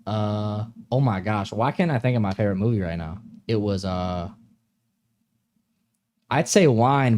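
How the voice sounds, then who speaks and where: A man's voice: mid-range voice, darkish tone. A young man hosting a live stream, chatting casually with viewers in a laid-back, slangy way and laughing often.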